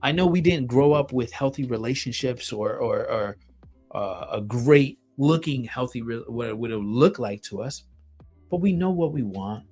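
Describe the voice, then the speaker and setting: A man's voice: medium pitch, expressive, normal speed, darkish tone, soft background music. A man hosting a solo podcast, blunt and emphatic, swearing often and repeating himself for effect. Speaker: podcast host.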